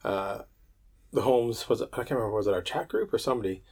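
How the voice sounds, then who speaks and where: A man who works as a firefighter and medic, chatting casually on a podcast, laid-back and quick to laugh. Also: mid-range voice, animated, a little mellow, husky. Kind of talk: casual chat.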